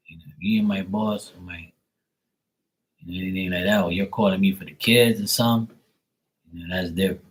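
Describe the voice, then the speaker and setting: A man's voice: lowish voice, darkish tone. A man in his forties from Bermuda, ranting casually and profanely, joking as he acts out both sides of phone calls. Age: 40s. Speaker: tarot reading livestream host. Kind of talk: casual rant.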